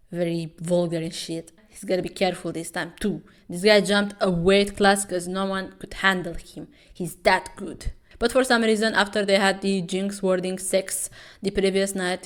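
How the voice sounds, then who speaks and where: A woman hosting a sarcastic, profane comic recap, sounding incredulous. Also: on the low side. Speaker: webtoon commentary host.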